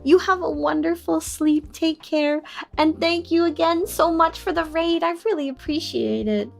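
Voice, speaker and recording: A young woman streaming casually, playful and excitable, squealing in mock outrage and laughing often. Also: extremely high pitch, moderate pace, creaky, faint music behind. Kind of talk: casual live-stream chat.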